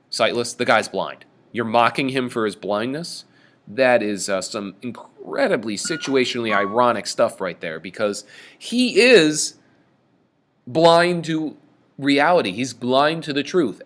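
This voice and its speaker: A man giving a lecture on a play, reading lines aloud and explaining them in an animated, casual way. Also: mid-range voice. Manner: animated, reads quoted lines with raised voice. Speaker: teacher.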